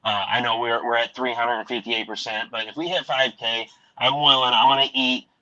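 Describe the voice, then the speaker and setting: Earnest, bright-voiced man pitching a cause. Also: a little fast. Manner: earnest, excited, rambling pitch. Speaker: podcast host pitching a charity comic. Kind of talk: casual chat. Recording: dull lo-fi recording.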